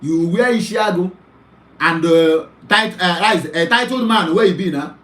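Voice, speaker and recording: A man's voice: high-pitched, normal speed, fairly bright tone, reverberant. A middle-aged man with a Nigerian accent, delivering an impassioned, pleading commentary monologue as an online talk show host. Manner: pleading, urgent, repetitive.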